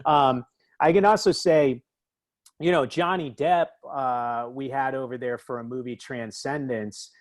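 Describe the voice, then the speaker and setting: A man guest telling lively anecdotes in casual talk, acting out other people in a raised voice. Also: medium pitch, a little slow, no echo. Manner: animated, acts out quotes in raised voice. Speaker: interview guest, author. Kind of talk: casual storytelling.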